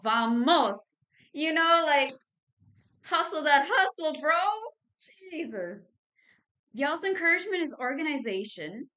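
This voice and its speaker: Bright-voiced Texan woman reading tarot. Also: on the high side. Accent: Southern US (Texas). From Texas. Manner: chatty and slangy, addresses viewers as babies and y'all. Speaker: tarot card reader. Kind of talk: casual monthly card reading.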